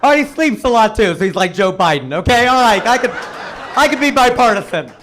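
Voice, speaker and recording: A middle-aged man performing a stand-up comedy set on a club stage, with an animated, punchy delivery. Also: brisk, noisy background. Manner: animated, punchy delivery with sudden jumps in pitch.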